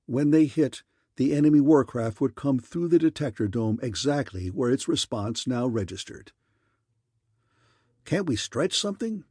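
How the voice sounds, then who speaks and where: A man narrating a science fiction audiobook in a steady storytelling manner. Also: medium pitch, normal speed, no room sound, clean studio sound. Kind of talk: scripted narration.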